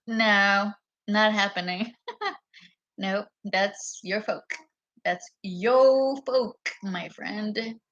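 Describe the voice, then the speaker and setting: Slow-talking rambling woman vlogger. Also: medium pitch, fairly bright tone. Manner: meandering, profane, loses her train of thought. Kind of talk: rambling casual monologue to camera. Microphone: camera mic.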